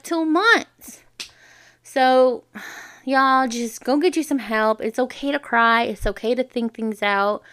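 A young woman with a smooth, clear voice hosts her own podcast in a loose, unscripted monologue. She speaks candidly and from the heart, addressing her listeners directly as she shares personal thoughts and reads the news aloud. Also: fairly high pitch, a bit bright. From Navajo Nation. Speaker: podcast host.

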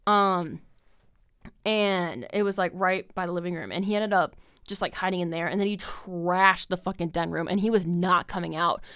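A woman's voice: lowish voice, normal speed, fairly bright tone, clean tone, no echo, studio quality. A young woman hosting a podcast, telling a long story in a rambling casual monologue, full of "like" and swearing. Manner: filler-heavy, swears a lot. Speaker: podcast host.

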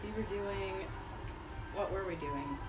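A woman's voice: mid-range voice, a little slow, echoey room, over music. A young woman in her late teens chatting casually as co-host and laughing often. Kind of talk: casual chat.

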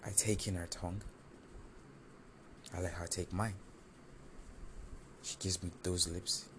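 A man telling a first-person story in an animated, confessional, self-mocking way. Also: sits low, takes it slowly, background noise.

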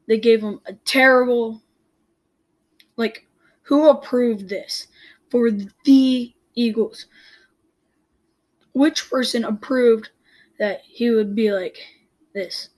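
A young man hosting his own sports podcast, giving blunt opinions in a rambling way, full of restarts and repeated words. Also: very high voice. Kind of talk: casual solo sports commentary.

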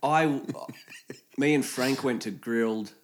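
A man's voice: mid-range voice, slow. A man telling a story in casual chat, swearing freely and acting out what other people said.

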